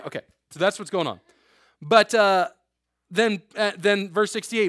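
A man's voice: sits high, a little fast, fairly bright tone, no echo, clean studio sound. A man preaching an informal sermon to a youth group in a room, reading scripture aloud with joking asides. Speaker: youth pastor.

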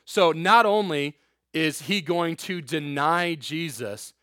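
A man with a slightly high voice gives a casual sermon to a youth group in a room. He reads scripture aloud and breaks in with joking asides. The sound is dry and close. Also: takes it slowly, bright, forceful tone, dry recording. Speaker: youth pastor.

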